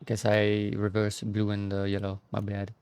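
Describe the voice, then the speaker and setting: Gravelly, muttering man streaming a game. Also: on the low side, completely flat delivery, normal speed, a little mellow, no room sound. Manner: muttering, self-deprecating. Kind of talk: live gameplay commentary.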